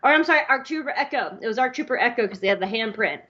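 Woman, higher voice, animated storyteller, casual chat, slightly dull lo-fi sound. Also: rapid-fire. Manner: animated storyteller, mimics voices with high squeals.

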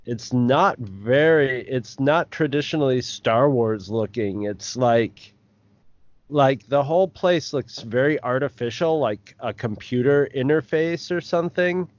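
A man co-hosting a podcast in casual chat, talking in a halting, thoughtful way with many restarts. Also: mid-range voice, no room sound, lo-fi sound. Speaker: podcast co-host.

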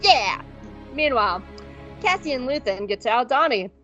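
A woman's voice: fairly high pitch, lively intonation, normal speed, fairly bright tone. A woman co-hosting a podcast, rambling and joking through a casual recap with frequent swearing. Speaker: podcast co-host. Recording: dull lo-fi audio with faint music.

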